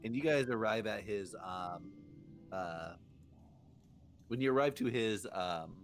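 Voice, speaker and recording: A game master narrating a tabletop session in a mid-pitched male voice that rises and falls a lot. He hesitates and restarts often. Soft music plays underneath. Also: lively intonation, takes it slowly. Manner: hesitant, with many fillers and restarts.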